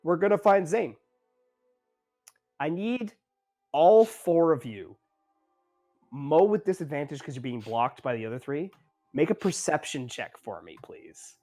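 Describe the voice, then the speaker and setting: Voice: medium pitch, expressive, measured pace, warm tone, soft background music. Rambling game master narrating a tabletop game. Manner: casual, rambling, many fillers and self-corrections.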